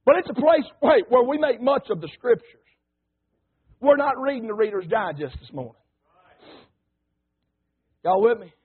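A folksy preacher with a strikingly high, husky voice drives his sermon home, dropping to plain talk and then rising to loud calls. The sound comes over a thin, phone-like radio broadcast. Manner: folksy, rousing, swings between quiet talk and shouting. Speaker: pastor.

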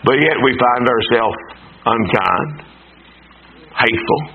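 A man's voice: medium pitch, expressive, slow, creaky. A man preaching a sermon, swinging his delivery up and down and firing rhetorical questions at the congregation. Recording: tinny phone-like broadcast sound with faint noise.

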